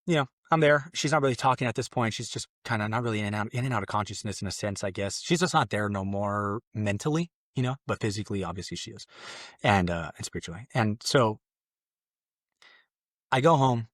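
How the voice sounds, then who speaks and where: A man's voice: on the low side, fairly quick, fairly bright tone, no echo, clean studio sound. A young man, a podcast guest, telling a personal story in a casual, rambling way, acting out what others said. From Mexican family. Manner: casual, rambling with fillers and acted-out quotes.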